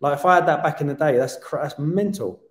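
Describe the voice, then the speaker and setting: A man's voice: fairly high pitch, fast. A man, a podcast guest talking animatedly and casually, swearing and restarting his sentences. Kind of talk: casual interview chat. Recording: roomy podcast room.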